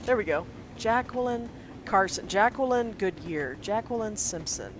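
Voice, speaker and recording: A woman's voice: mid-range voice, animated. Woman player chatting loosely, lots of laughs, a little background hiss. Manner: chatty, laughs often, quick asides. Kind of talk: casual tabletop game chat.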